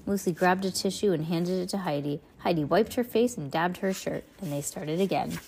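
A woman reading a children's chapter book aloud at home, expressive and chatty, with playful asides to a young listener. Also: on the low side, normal speed, vocal fry, a little hiss or hum. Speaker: reader of children's books.

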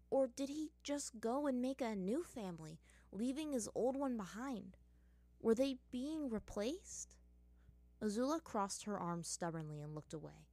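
A woman reading fan fiction aloud in an even storytelling manner. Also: fairly high pitch, no room sound. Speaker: reader.

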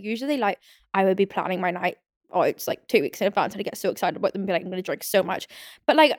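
A woman's voice: on the high side, dry recording, studio quality. A young woman hosting a casual solo podcast, rambling and chatty with lots of "like". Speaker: podcast host. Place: home.

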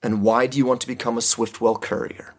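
Towering commanding woman official, played by a man in a tabletop game, formal and measured. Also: medium pitch, level tone, slightly rough, lightly acted. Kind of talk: game master voicing a character.

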